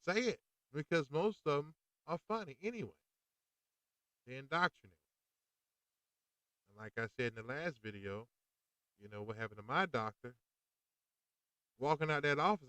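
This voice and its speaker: A man's voice: medium pitch, expressive, normal speed, long pauses, sharp tone, no echo, rough recording. A man hosting a podcast, talking in a fired-up, preachy and slangy monologue. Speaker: podcast host. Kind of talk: opinionated monologue.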